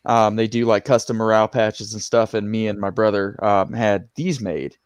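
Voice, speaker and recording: A man's voice: fairly low pitch, fairly even intonation, normal speed, clear, resonant tone, no room sound, studio quality. A man on a podcast panel asking questions and chatting in an easygoing, curious way. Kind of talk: casual podcast chat.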